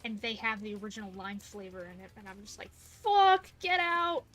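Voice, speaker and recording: A woman's voice: medium pitch, little pitch movement, fast, bright, forceful tone. A young woman streamer chatting casually and laid-back while she plays. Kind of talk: casual chat while gaming.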